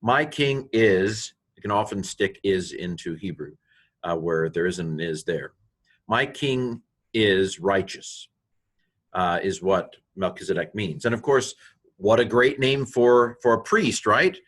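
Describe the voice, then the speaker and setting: A man's voice: low-pitched, moderate pace, a bit bright, husky. An older man giving a recorded Hebrew grammar lesson, rambling and joking at himself, with many fillers and restarts. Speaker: Bible and Hebrew teacher.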